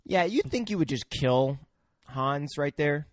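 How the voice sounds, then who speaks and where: A man co-hosting a podcast, chatting about a movie in a relaxed way, laughing easily and trailing off. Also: fairly high pitch, unhurried, no room sound, clean studio sound. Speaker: podcast co-host. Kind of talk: casual movie chat.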